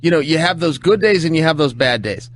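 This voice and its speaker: Earnest, fairly high-voiced podcast co-host man. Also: animated, fairly quick. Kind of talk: casual podcast chat.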